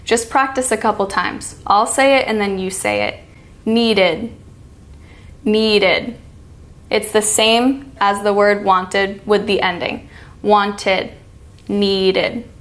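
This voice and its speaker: An American woman coaching pronunciation, saying each word slowly and clearly so it can be repeated. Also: medium pitch, steady tone, fairly bright tone. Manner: slow, demonstrating each sound. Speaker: accent coach. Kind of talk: pronunciation lesson.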